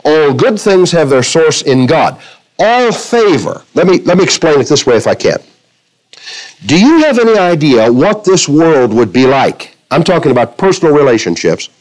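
A man preaching from the pulpit, his voice a touch higher than most men's. He tells stories, then slows to read scripture, stretching the key words for emphasis. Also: low-quality recording. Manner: preaching with illustrations, quoting scripture, varying pace. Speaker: pastor. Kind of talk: sermon.

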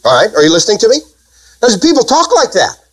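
A man's voice: sits high, huge pitch swings, fast talker, fairly bright tone, slightly rough, poor audio. A man preaching a sermon, emphatic and full of rhetorical questions to his congregation.

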